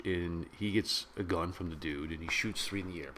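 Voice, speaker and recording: A middle-aged man reviewing a movie in a casual, rambling, excitable way, full of slang. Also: sits low, normal speed, slight background noise. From of British descent. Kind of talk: casual spoken film review.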